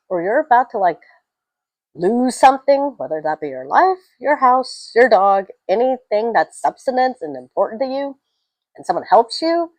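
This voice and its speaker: A young adult woman giving a casual, rambling film review, telling stories with animated swings and tangents. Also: fairly low pitch, no echo, poor audio.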